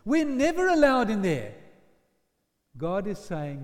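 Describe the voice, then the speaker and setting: A male preacher tells his sermon like a story, his voice sitting high and leaping around in pitch. He sinks to hushed lines and then bursts into loud shouted quotes. The sound carries the long reverb of a church hall. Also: wildly swooping pitch, slow, long pauses.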